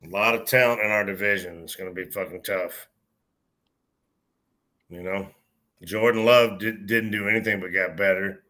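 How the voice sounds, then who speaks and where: A man's voice: sits low, steady tone, moderate pace, long pauses, bright, forceful tone. A man co-hosting a podcast, blunt and heavy with swearing in a casual chat over beers. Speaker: podcast co-host.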